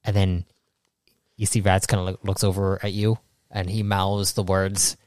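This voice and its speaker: A young man narrating as game master in a casual, halting way, often restarting his sentences. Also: deep voice, flat delivery, a little mellow, no room sound, studio quality.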